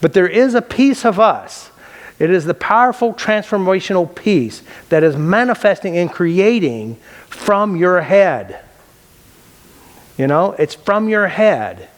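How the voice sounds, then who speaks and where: A man's voice: high voice, very animated, a little slow. A man teaching a class in a mind-body healing method, talking casually and bluntly. He repeats key phrases and asks and answers his own questions. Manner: casual and blunt, with loose restarts. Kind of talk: unscripted classroom lecture.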